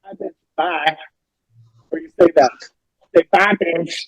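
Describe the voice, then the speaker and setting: A man's voice: fairly high pitch, fairly even intonation, a little slow, lo-fi sound. A man in casual podcast chat, making wry, sarcastic remarks.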